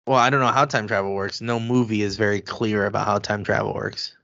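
A man co-hosting a casual sports podcast, excitable and quick to get heated as he rants. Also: fairly low pitch, creaky, no room sound, highs cut off. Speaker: podcast co-host.

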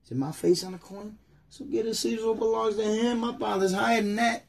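A man putting on the voice of a smooth, laid-back male preacher figure who talks in an unhurried, slangy drawl. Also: sits high, steady tone, far from the mic, pitched above the performer's own voice. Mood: cool.

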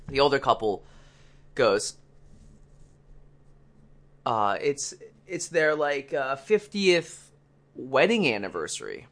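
Man of middle pitch, chatty co-host who spins loose, rambling anecdotes. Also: lively intonation, a little slow, pauses often, fairly bright tone. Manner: rambling anecdote teller, acts out others' lines. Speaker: podcast co-host. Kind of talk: casual storytelling chat.

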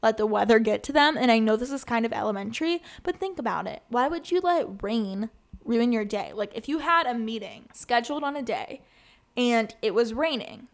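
A woman's voice: fairly high pitch, expressive, normal speed. A woman in her twenties hosting her own podcast, talking in an earnest, chatty way with lots of "like" and restarts. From USA. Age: 20s. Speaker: podcast host. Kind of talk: casual solo podcast talk.

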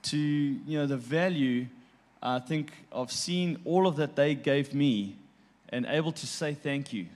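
A man, a guest on a talk show, telling a personal story in a heartfelt, halting way, repeating words and laughing between moments. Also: fairly high pitch, a little mellow.

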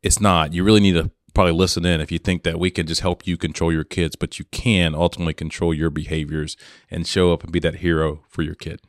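A man's voice: low-pitched, little pitch movement, quick pace, no room sound, studio quality. A man co-hosting a podcast in a casual way, chiming in with wry, teasing asides. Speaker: podcast co-host.

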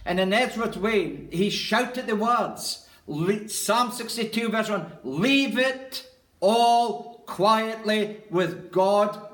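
High-voiced man preaching in an echoey church. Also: a bit bright. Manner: earnest, emphatic, repeats key phrases. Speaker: pastor. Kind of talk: sermon.

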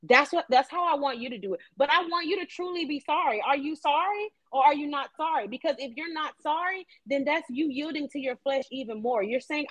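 A woman's voice: high-pitched, normal speed, no echo, poor audio. A woman co-hosting a faith talk show, speaking fervently and acting out quoted prayers and speech. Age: adult mother. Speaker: co-host.

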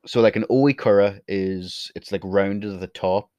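A man's voice: fairly low pitch, steady tone, a little slow, dark tone, no room sound. A young Irish man rambling casually in a vlog, blunt and swearing, sometimes drifting off the mic. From Ireland. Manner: chatty, blunt, swears, wanders off topic. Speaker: vlogger. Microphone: desk mic, sometimes turns away from it.

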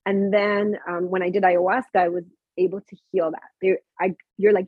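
A guest living in Canada, of Mexican descent, recounts her spiritual practices in loose, chatty storytelling peppered with fillers and restarts. She speaks at a moderate pace in a fairly low, husky voice with a level tone. The recording is dry and tinny, like a phone.

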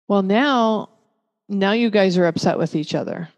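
Gentle woman teaching parents, long reverb. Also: medium pitch, measured pace. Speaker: parenting educator. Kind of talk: calm teaching talk.

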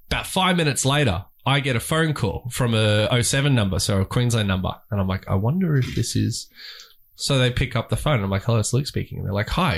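A man's voice: mid-range voice, a bit bright. A man with an Australian accent, co-hosting a podcast and telling a rambling story in casual chat, swearing freely. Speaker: podcast co-host.

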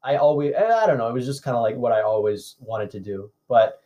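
A man's voice: mid-range voice, expressive, fairly quick, dull audio. Laid-back young Canadian man. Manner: easygoing, rambling, frequent "like" and "um". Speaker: actor guest. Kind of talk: casual interview chat.

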